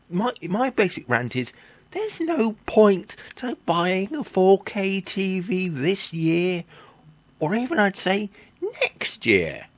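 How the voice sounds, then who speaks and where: This vlogger's voice sits fairly high and the recording is dry. Exasperated and blunt, he rants about tech, cursing offhandedly, stumbling over fillers and revising his words mid-sentence.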